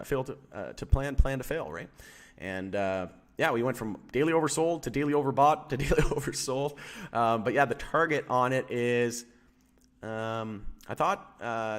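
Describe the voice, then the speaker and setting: A man with a medium-pitched voice hosts a casual live stream on stock charts. He rambles, uses plenty of fillers, and keeps throwing questions at his chat.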